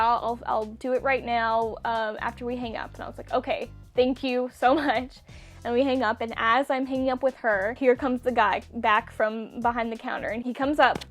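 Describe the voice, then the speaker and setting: A young woman with a fairly high voice tells a story to her camera in a loose, chatty way. She laughs often and acts out quotes from the people she met. Soft music plays faintly behind her. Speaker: vlogger. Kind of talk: casual storytelling.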